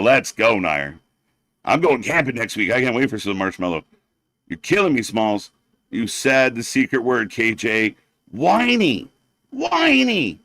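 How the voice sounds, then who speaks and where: Sarcastic, swearing livestream host, lively. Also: male voice, medium pitch, no room sound. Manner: sarcastic, mocking, heavily profane. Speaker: watch-party livestream host. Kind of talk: profane live commentary rant.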